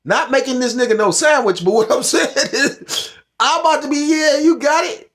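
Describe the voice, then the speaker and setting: A man's voice: extremely high pitch, expressive, brisk, fairly bright tone. A middle-aged man giving rambling, profane commentary on scripture and current events, heated and full of restarts. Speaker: religious commentator.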